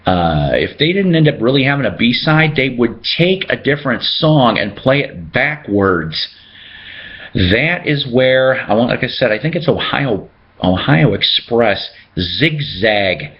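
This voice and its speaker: A man's voice: medium pitch, very animated, measured pace, muffled recording. A man hosting a casual show-and-tell video about his records, chatting and joking as he reads out the labels. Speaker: record collector host.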